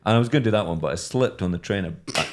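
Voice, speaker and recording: A man, hosting an improvised comedy podcast and telling rambling stories in a deadpan way. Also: deep voice, rapid-fire, noisy background. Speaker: podcast host.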